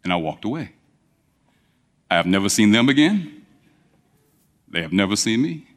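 A male preacher telling a story in a sermon, animated, rising to high emphatic peaks. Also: normal speed. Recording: long reverb of a large hall.

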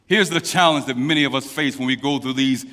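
A man preaching a sermon as a pastor, swinging between hushed, drawn-out lines and loud, climbing declarations. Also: mid-range voice, in a large hall.

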